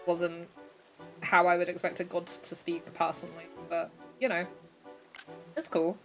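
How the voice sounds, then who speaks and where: A woman's voice: lowish voice, flat delivery, a little slow, soft background music, poor audio. A young woman streaming a cozy video game, chatting in a bubbly, giggly way and often poking fun at herself. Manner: giggly, bubbly, self-deprecating. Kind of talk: casual live game-streaming chat.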